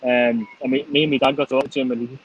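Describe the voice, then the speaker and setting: A man's voice: medium pitch, steady tone, fast talker, husky, lo-fi sound. A middle-aged man hosting a casual chat, laughing and swearing freely. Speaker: host.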